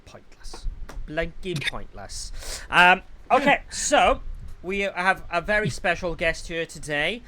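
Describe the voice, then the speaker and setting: Welsh-born guy hosting a stream, higher voice, bouncy and jokey, keeps ribbing himself. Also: big pitch swings, slow, sharp tone. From Wales. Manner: bubbly, jokey, self-mocking. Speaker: podcast host. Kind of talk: casual live-stream chat.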